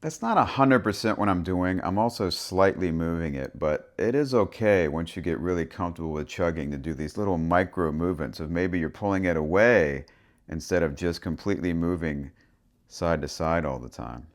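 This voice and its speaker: A man's voice: deep voice, moderate pace. A man teaching a harmonica lesson, talking through the rhythm and sounding out syllables as he explains. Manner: relaxed, thinking aloud, speaks rhythm syllables and soft whispers. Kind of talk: instructional explanation with vocal rhythm demonstrations.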